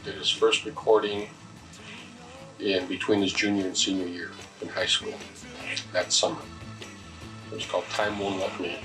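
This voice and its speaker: Low-voiced man reminiscing. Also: flat delivery, moderate pace, long pauses, recorded from a distance, music in the background, poor audio. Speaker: interviewee, friend.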